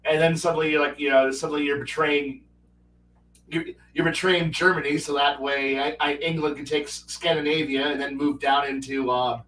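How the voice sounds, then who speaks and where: A man's voice: fairly high pitch, level tone, normal speed, fairly bright tone, a little hiss or hum. A man hosting a livestream who chats casually about strategy games, rambling with many restarts and acting out quotes. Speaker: livestream host. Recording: roomy, with a distant mic.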